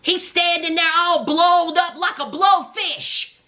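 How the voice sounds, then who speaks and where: A woman giving comedic reaction commentary on a reality show, sassy, blunt and mocking, often dropping into low muttered asides. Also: steady tone, slow pace, pushed and bright.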